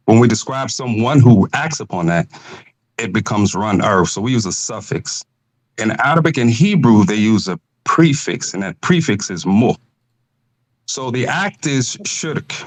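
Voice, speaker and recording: A man calling in to a podcast, lecturing slowly and asking for patience as he builds his point. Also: on the low side, dry recording, poor audio. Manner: slow, lecturing, stalls for time. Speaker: caller. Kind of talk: preaching argument on a call.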